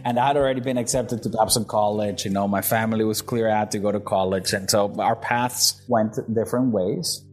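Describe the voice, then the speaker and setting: A man from Venezuela, a guest in an interview, telling stories in a lively way, acting out the people in them and laughing along. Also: fairly low pitch, a little fast, few pauses. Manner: animated storyteller, acts out quotes and laughs. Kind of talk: storytelling in an interview.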